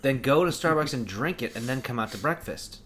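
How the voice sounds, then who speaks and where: A man's voice: mid-range voice, lively intonation, brisk, fairly bright tone, a little hiss or hum. A man co-hosting a podcast, chatting casually and ranting profanely through his stories. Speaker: podcast co-host. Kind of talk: casual chat.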